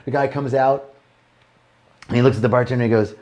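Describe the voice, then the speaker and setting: A man's voice: medium pitch, steady tone, fast talker, darkish tone, lo-fi sound. A man hosting a casual livestream and telling jokes to viewers, rambling and restarting lines and laughing at his own punchlines. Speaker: host telling jokes to a live online audience.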